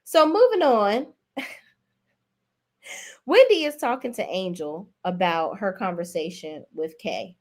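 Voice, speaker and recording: A woman reviewing reality TV episodes in a casual, talky way at a medium pitch. She is sassy and blunt, swears freely and leans hard into her punchlines. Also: slow, pauses often. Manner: animated and emphatic. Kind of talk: casual recap commentary.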